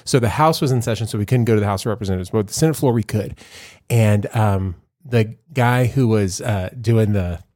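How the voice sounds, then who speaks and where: Fairly low and darkish, this man's voice runs a little fast as he co-hosts a casual podcast. He's a rambling storyteller who laughs a lot and restarts often, and the clean studio recording has no echo.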